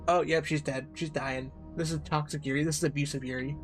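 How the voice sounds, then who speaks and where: A man joking about a story game on his stream. His asides come in excited bursts. Faint music plays behind him. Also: fairly high pitch, brisk, hardly any pauses. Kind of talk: casual game commentary.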